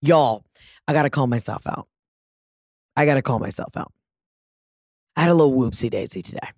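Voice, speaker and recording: A woman in her thirties telling a story in a casual monologue, animated and profane, jumping into high mocking voices. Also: normal speed, slightly rough, dry recording, clean studio sound.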